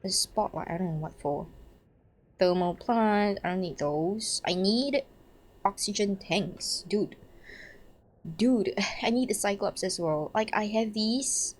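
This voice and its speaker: A young woman streaming a game, chatting casually, excitable, swearing and laughing at her own mistakes. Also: mid-range voice, takes it slowly.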